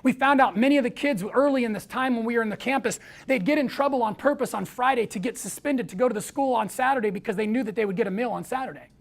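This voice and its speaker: A man's voice: extremely high pitch, quick pace, gravelly, hardly any pauses. An American man giving an inspirational talk, telling stories and acting out what people said. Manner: storytelling, acts out quoted voices. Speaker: speaker.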